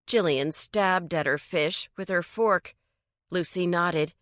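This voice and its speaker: A woman narrating an audiobook in a measured, even way. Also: low-pitched, no room sound, clean studio sound. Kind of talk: scripted narration.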